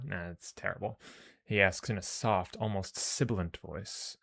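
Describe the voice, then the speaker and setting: A man with a very low voice streams a space game. He jokes and swears to himself while reading the story text aloud in a loose, casual way. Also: normal speed, vocal fry, a bit bright. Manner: joking, profane, talks to himself.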